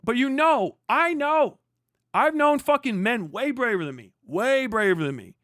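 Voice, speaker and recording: A man's voice: extremely high pitch, big pitch swings, measured pace, a bit bright, no echo, clean studio sound. A young man live-streaming, swearing heavily in a heated, mocking rant. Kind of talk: profane ranting commentary on a live stream.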